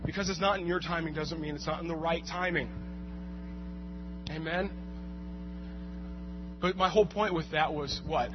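A man preaching a sermon, swinging from quiet asides to loud, shouted bursts. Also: a little high, normal speed, pauses often. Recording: muffled recording with music and hum.

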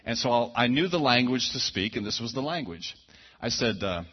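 A man's voice: mid-range voice, big pitch swings, fairly quick, breathy edge. A man preaching a sermon, telling a personal story in a folksy, conversational way full of asides and restarts. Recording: dull lo-fi sound.

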